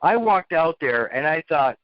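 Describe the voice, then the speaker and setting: Man, rambling storytelling, blunt, repeats words, higher voice, dull lo-fi sound. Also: lively intonation, a little slow, no room sound. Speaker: speaker telling a lesson story. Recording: dull lo-fi, dry.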